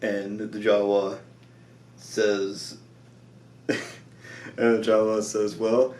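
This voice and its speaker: A man's voice: lowish voice, monotone, very slow, a little mellow, echoey room, recorded from a distance. A tired man recapping a show episode in a loose, rambling way, with lots of "like" and frequent laughs.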